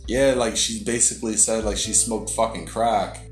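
A young man in casual chat, telling a story in an animated, profane way with many fillers. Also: on the low side, normal speed. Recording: echoey room with loud music behind.

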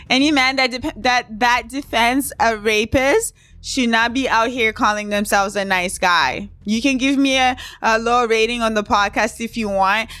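A woman's voice: a little high, bright, forceful tone, no echo. A woman hosting a casual solo podcast, talking bluntly and with outrage, often breaking into laughter. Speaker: podcast host.

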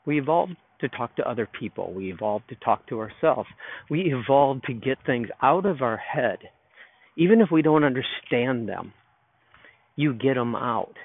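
A man at medium pitch hosts a solo podcast from a park, his lively intonation and normal pace carrying a loose, thoughtful story. The recording is dry, with a narrow, phone-like sound.

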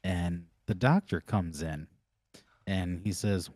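A man's voice: deep voice, normal speed, dark tone, dry recording, clean studio sound. A man co-hosting a podcast, telling a loose, rambling story with lots of laughter. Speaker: podcast co-host. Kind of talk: casual storytelling chat.

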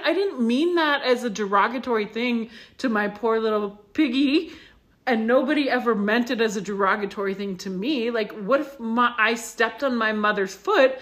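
A woman's voice: fairly high pitch, normal speed, fairly bright tone. A woman co-hosting a podcast, telling a personal story in a rambling, reflective way with lots of fillers. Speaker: podcast co-host. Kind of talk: casual chat.

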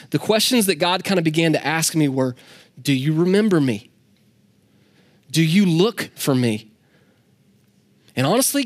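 A man preaching a sermon in a candid, conversational way, with asides to the congregation. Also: fairly high pitch. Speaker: pastor.

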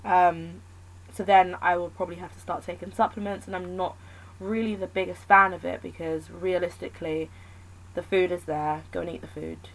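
A woman's voice: on the low side, normal speed, low-quality recording. Candid woman rambling in casual chat. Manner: candid, rambling, thinks aloud.

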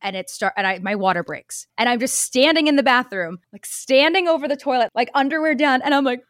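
Chatty young woman, bright high voice. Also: lively intonation, quick pace, hardly any pauses, dry recording, studio quality. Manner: chatty storyteller, acts out quotes with many fillers. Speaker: podcast co-host. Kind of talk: casual chat.

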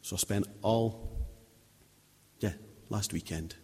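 A man in his thirties tells stories from the pulpit in an informal sermon, circling back and restarting as he talks. His voice sits low and a little husky. The church gives it a long, ringing reverb. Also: slow pace, a little mellow. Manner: chatty, anecdotal, many restarts. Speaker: lay preacher.

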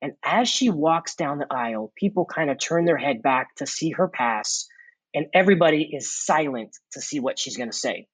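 A man guest in an interview, earnestly telling a personal testimony with reflective pauses and fillers. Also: on the high side, animated, husky, no echo, poor audio. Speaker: former corporate executive turned mission worker.

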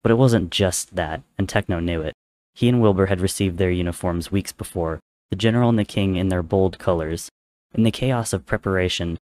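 A man reading a fan-written story aloud, narrating in a steady, measured way. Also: sits low, dry recording.

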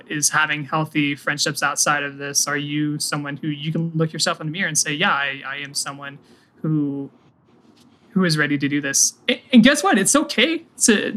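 A man's voice: on the high side, a bit bright. A man co-hosting a podcast, giving earnest dating advice in casual chat. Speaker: podcast co-host.

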